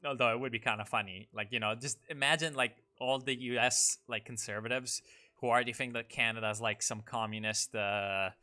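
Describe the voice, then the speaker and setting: A young man giving loose, rambling commentary on a strategy game, sarcastic and quick to swear. His voice is bright and forceful, and soft background music runs beneath him. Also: mid-range voice, fairly even intonation. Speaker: gaming YouTuber.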